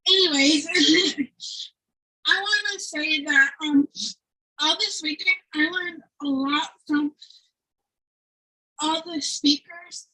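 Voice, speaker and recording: A woman on a video call, crying as she shares, halting and apologetic, searching for words. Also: sits high, sharp tone, rough recording. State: tearful, crying. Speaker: participant sharing on a live online event. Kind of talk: emotional testimony.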